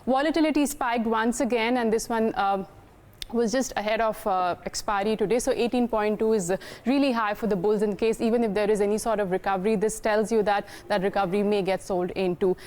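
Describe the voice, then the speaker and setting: A woman with an Indian English accent runs through futures and options figures at an ordinary pitch. She delivers the numbers as a quick, data-packed live briefing. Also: fairly even intonation, darkish tone. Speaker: derivatives market reporter. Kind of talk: market data update.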